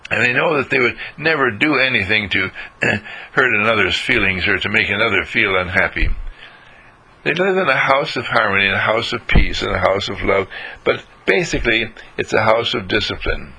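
Gravelly, husky older man telling stories. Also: lowish voice, lively intonation, normal speed, bright, forceful tone, low-quality recording. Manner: folksy, acts out little scenes. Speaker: speaker giving a moral talk. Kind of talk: storytelling lecture.

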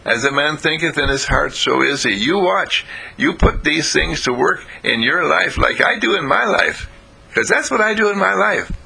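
A man voicing a calm, patient male spiritual teacher in a told story, speaking slowly and earnestly. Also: mid-range voice, vocal fry, breathy edge, pitched above the performer's own voice, full character voice, rough recording. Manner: slow, measured, earnest. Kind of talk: storytelling with voices.

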